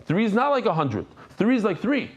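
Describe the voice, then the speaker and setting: A middle-aged rabbi leads a lively daily Talmud class in an animated, conversational style, weaving Hebrew and Aramaic terms into his English. His voice is high and his pace brisk.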